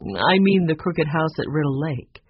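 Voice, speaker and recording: A narrator voicing a kindly older housekeeper, gentle and worried, with a soft, fretful way of talking. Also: mid-range voice, expressive, measured pace, slightly rough, no echo. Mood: reminiscing. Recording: dull lo-fi recording.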